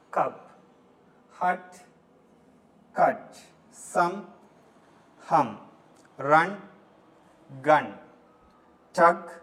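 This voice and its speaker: A man teaching a recorded English lesson from Sri Lanka, drilling words slowly one at a time. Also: fairly high pitch, fairly bright tone. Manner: slow, deliberate word-by-word drilling. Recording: distant mic, faint room noise.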